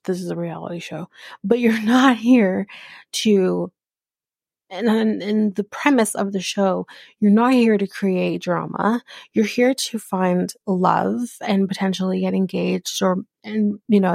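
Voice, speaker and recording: A woman's voice: medium pitch, creaky, darkish tone, dry recording. Woman, podcast host, blunt, swearing, dry close sound. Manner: frustrated, blunt, swears often. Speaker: podcast host recapping a reality show. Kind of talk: casual recap podcast.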